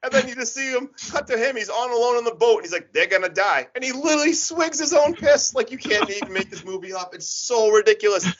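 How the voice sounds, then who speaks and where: A man's voice: extremely high pitch, animated, fast, hardly any pauses, highs cut off, noisy background. A man co-hosting a podcast, chatting casually and animatedly as he retells a slasher movie, laughing and acting out scenes. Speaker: podcast co-host. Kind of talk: casual chat recapping a movie.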